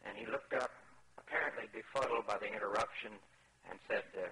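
Man, storytelling lecturer, animated, bright tone. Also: on the low side, brisk, rough recording. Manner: animated storyteller, acts out quotes. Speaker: speaker on preaching.

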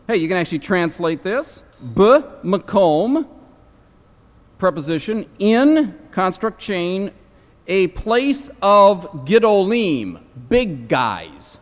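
A man teaching a class, lecturing slowly and deliberately, with many fillers and questions put to his students. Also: high-pitched, sing-song. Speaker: Hebrew teacher. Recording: dull lo-fi lecture hall recording.

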